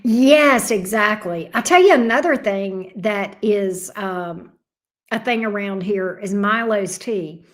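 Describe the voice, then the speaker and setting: A Southern woman from Alabama, who reads tarot, hosts a live stream and chats casually, rambling as she responds to viewer comments. Her voice is medium-pitched and she takes things slowly.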